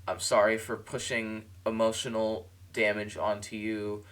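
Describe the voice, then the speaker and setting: A man streamer giving a tearful, halting farewell monologue, apologizing and repeating himself. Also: fairly low pitch, completely flat delivery, fairly bright tone.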